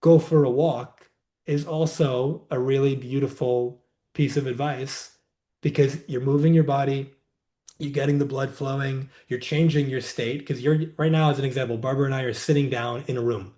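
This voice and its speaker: A man as a podcast guest, calmly explaining a wellness practice in a reflective, conversational way, seated indoors. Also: medium pitch. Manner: reflective, unhurried, says "like" often. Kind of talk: conversational interview, teaching.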